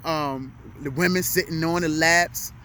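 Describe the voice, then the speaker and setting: Outdoors on an urban street at dusk, a middle-aged vlog host records a heartfelt motivational talk, speaking earnestly and emotionally and repeating his key phrases. His voice is on the high side, pushed and bright, with fairly even intonation and a measured pace, plus a little hiss or hum.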